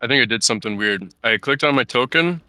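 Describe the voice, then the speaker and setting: A man's voice: mid-range voice, lively intonation, fast, sharp tone, dry recording. A man playing a tabletop game, thinking aloud and unsure. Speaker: player. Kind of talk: casual game chat.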